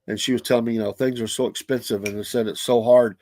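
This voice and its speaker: A man's voice: medium pitch, steady tone, fast, a little mellow. A middle-aged man, hosting a radio show and telling stories in a rambling, folksy way with many restarts. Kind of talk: casual monologue.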